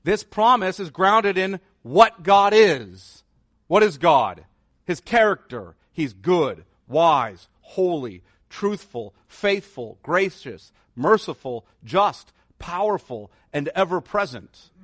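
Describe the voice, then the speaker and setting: A man's voice: high voice, animated, takes it slowly, a bit bright, no echo, studio quality. A man preaching a sermon as pastor, earnest and rising to emphatic declarations.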